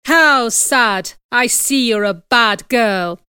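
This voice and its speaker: Woman doing a stern preachy schoolmaster guy in a storybook, slow and dry. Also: fairly high pitch, pushed and bright, clear, resonant tone, no echo. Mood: solemn. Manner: solemn, moralizing. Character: severe pious male schoolmaster. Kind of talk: audiobook reading.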